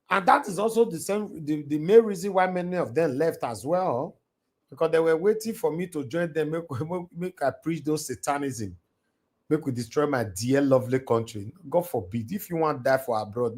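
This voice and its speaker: A man's voice: a little high, animated, moderate pace. Nigerian male host with a Pidgin accent, fervent and repetitive, on a home live stream. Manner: preachy, repetitive, mixing English and Pidgin. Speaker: livestream host. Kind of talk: impassioned live-stream monologue. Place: alone in a large house. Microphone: computer mic on a live stream.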